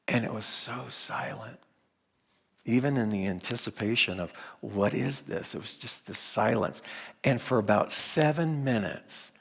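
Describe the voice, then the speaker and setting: A middle-aged man preaching a storytelling sermon, with dramatic pauses and hushed moments. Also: on the low side, gravelly. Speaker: minister. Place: large church sanctuary. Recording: long hall reverb.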